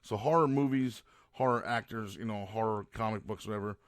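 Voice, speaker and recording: Ranting, profane man with a low voice. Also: fairly quick, dry recording. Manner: ranting, profane, rambling with restarts. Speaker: podcast host. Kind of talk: casual monologue.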